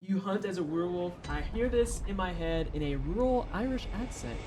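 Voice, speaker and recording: A woman's voice: fairly low pitch, expressive, fairly quick, background noise. A woman streaming her gameplay, chatting sarcastically with her chat and laughing often. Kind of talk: live-stream gameplay commentary, reading chat.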